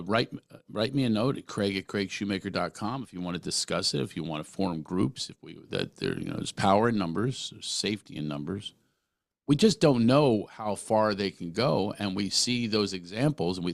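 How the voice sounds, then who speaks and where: A middle-aged podcast host talks earnestly and emphatically in a casual interview, often restarting his sentences. His voice is on the low side and creaky, captured in clean studio sound with no echo.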